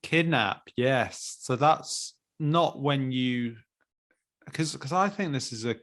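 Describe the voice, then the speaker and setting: A man's voice: mid-range voice, slow pace, fairly bright tone. A man co-hosting a podcast in a casual chat, easygoing and joking, with a hesitant way of talking. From England. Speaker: podcast co-host.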